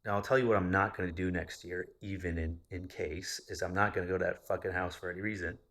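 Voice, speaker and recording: A man's voice: low voice, steady tone, fast, fairly bright tone. A man in his thirties telling a personal story casually, rambling and swearing freely. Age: 30s. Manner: profane, rambling.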